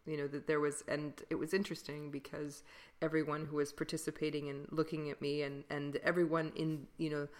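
Low-voiced woman chatting, laughing often. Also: level tone, fairly quick. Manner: laughs often, rambling with fillers. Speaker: podcast co-host, classical singer. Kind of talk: casual chat.

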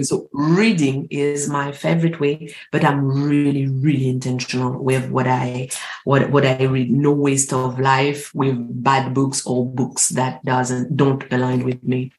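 A woman from France, a mindset coach speaking as an interview guest in earnest, deliberate English. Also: extremely low pitch, darkish tone, echoey room. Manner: earnest, deliberate, slightly non-native phrasing. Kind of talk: interview conversation.

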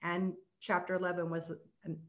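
A young woman, a tantra coach, talking on a podcast and leading a soft, slow guided meditation. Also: on the low side, flat delivery.

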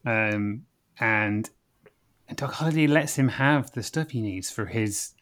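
Bright-voiced man, halting casual chat. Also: lowish voice. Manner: halting, with many fillers. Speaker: podcast co-host.

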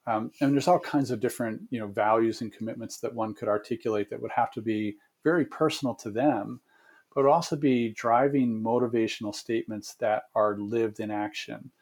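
A man giving long, measured answers as a guest consultant in an interview, with frequent fillers and restarts. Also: medium pitch, fairly even intonation, a little mellow.

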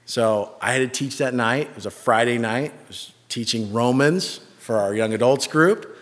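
Pastor, male, animated self-deprecating storyteller, sermon in a reverberant hall. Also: mid-range voice, moderate pace.

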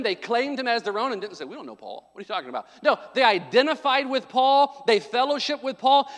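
A man with a high voice preaches a sermon, slipping easily between joking, chatty asides and emphatic calls to his congregation. His voice rings out with a long, lingering reverb from a large church hall. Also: a bit bright. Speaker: pastor.

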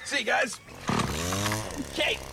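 An actor playing a busy, evasive male pastor in a comedy skit, offhand and deadpan. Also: slow, natural voice. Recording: skit video with background noise.

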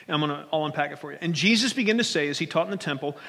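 A man preaching a sermon from the pulpit, his voice sitting a little high. He talks in a loose, conversational way and keeps checking in with the congregation. The church hall carries a long, lingering reverb. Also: lively intonation, racing, fairly bright tone. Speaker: pastor. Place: church sanctuary.

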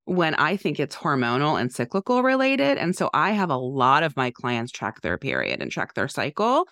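Her voice sits low and moves at normal speed, recorded in studio quality without echo. As a podcast co-host and mental health therapist, she converses casually and candidly, animated and heavy on "like" fillers.

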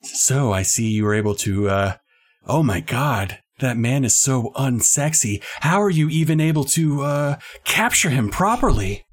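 A man's voice: medium pitch, animated, measured pace, breathy edge. A man voicing a haughty female academy headmistress with a snooty, disdainful manner.

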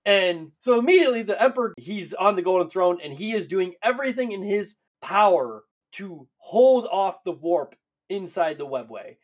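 A man co-hosting a podcast, retelling lore in casual, profane, animated chat and laughing often. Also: high-pitched, moderate pace. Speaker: podcast co-host.

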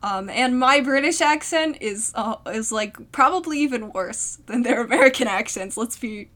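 A woman's voice: a little high, animated, moderate pace, fairly bright tone. A young woman co-hosting a casual comedy podcast, giggly and playful, chatting about sketches with her friend. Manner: giggly, playful, breaks into goofy put-on accents. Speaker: podcast co-host.

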